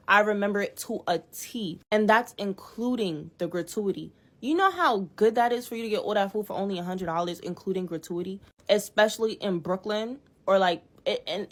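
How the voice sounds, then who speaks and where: A young woman telling a storytime vlog in a casual, animated, exasperated way, swearing freely and acting out both sides of a conversation. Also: medium pitch.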